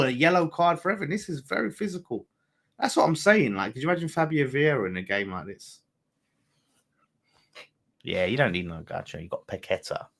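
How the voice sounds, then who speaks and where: A man commenting live on a football match for a fan channel. He jumps between shouts at the players and easy banter with his viewers, swearing freely. His voice sits at an ordinary middle pitch for a man.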